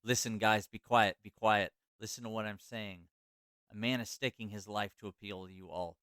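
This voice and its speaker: A man reading aloud, dramatically, as a middle-aged male author haranguing soldiers from a balcony; his voice is low and smooth. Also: steady tone, a little fast, a bit bright, no echo, clean studio sound, close to an everyday voice. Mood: declaiming. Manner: dramatic, declaiming read.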